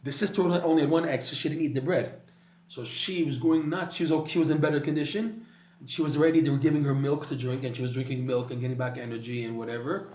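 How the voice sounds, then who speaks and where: Animated male Torah teacher, echoey room. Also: mid-range voice, fast talker. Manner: animated storytelling with many restarts. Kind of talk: spoken Torah class.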